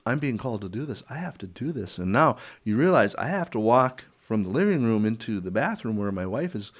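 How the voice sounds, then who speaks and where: A man's voice: mid-range voice, sing-song, fairly quick. An older man, a podcast guest, telling a personal story in a conversational interview, acting out the dialogue with chuckles and restarts.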